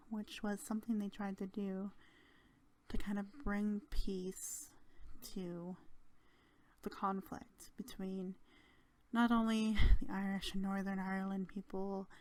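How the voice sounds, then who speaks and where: A young woman talks through her trip in a relaxed, rambling way. She giggles often and leans on fillers, and her voice sits at a middle pitch for a woman. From Canada. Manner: chatty and giggly, with many fillers. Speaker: channel host. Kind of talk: casual travel storytelling.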